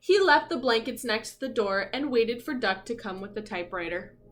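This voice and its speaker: A woman teacher reading a picture book aloud to children, gently explaining words and asking them questions. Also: a little high, animated, a little fast.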